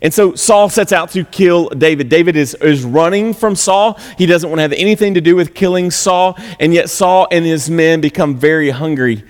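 A man preaching a conversational sermon as pastor, animated and a little sarcastic, asking the congregation questions. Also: a little high, moderate pace, hardly any pauses. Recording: long hall reverb.

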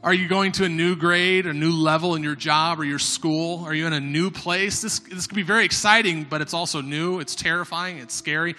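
A man preaching a sermon as a pastor in a church, impassioned, swinging between hushed pleading and shouting. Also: on the high side, fairly even intonation, fairly quick, few pauses. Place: church sanctuary. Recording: reverberant hall with music behind.

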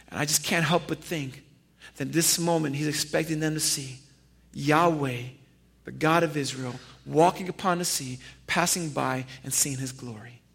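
A man preaching a sermon as pastor, animated and firing rhetorical questions at his congregation. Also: fairly high pitch, measured pace, creaky, slightly rough. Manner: addresses listeners familiarly.

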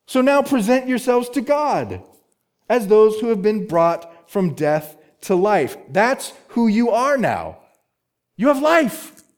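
A male pastor delivering a sermon with a lively, swooping delivery and a slightly high voice. He presses his points hard, repeats key words for emphasis and throws out rhetorical questions. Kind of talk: expository sermon.

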